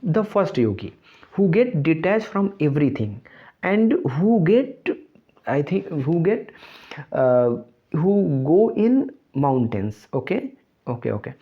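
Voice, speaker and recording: A young man with an Indian English accent giving a reflective spoken monologue, halting and earnest as he searches for words. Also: a little high, very animated. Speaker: channel host. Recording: dull lo-fi recording.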